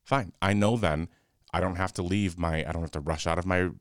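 A man's voice: deep voice, steady tone, fairly quick, clear, resonant tone, no room sound, studio quality. A man co-hosting a podcast, chiming in with an easygoing, conversational manner. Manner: easygoing, chiming in to finish the story. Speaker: podcast co-host. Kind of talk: casual chat.

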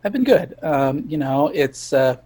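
A man's voice: fairly high pitch, big pitch swings, mellow. Male podcast guest, hesitant, filler-heavy conversational delivery. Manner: halting, many fillers and restarts. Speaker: guest comic writer. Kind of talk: casual interview chat.

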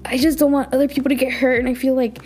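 A woman's voice: high voice, little pitch movement, quick pace, darkish tone. A woman hosting a podcast, recapping a drama in a casual, gushing way and thinking aloud as she talks. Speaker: podcast host.

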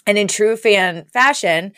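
A woman's voice: mid-range voice, a little slow, fairly bright tone, clear, resonant tone, dry recording, studio quality. A woman co-hosting a podcast, recapping a sitcom episode in casual, giggly chat full of fillers. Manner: giggly, chatty, lots of fillers.

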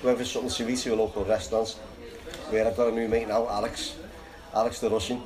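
A man's voice: on the low side, flat delivery, quick pace, rough recording. Rambling Liverpool man amid crowd chatter. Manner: rambling, restarts, laughs through telling. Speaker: guest telling a story. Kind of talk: casual anecdote.

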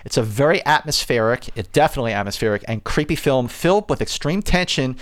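A man's voice: medium pitch, lively intonation, fast talker, fairly bright tone. A man co-hosting a casual film podcast, enthusiastic and emphatic, reading out viewer comments. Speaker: co-host.

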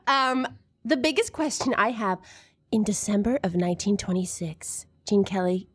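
A woman's voice: mid-range voice, moderate pace, breathy edge. A woman guest-hosting a live comedy podcast in an art space, bubbly and teasing, laughing often. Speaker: guest host.

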